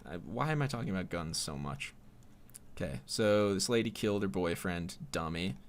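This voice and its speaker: A man with a low voice hosts a solo podcast in a rambling, sardonic monologue. He swears freely. His pitch swings widely as he goes. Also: animated, moderate pace, slight background noise. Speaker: podcast host.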